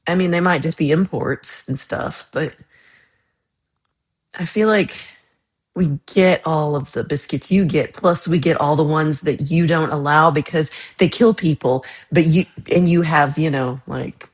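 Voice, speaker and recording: A woman's voice: deep voice, unhurried. Chatty teasing woman hosting a livestream. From Texas. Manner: chatty and teasing, with playful outrage. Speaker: livestream host. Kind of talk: casual livestream chat answering viewers.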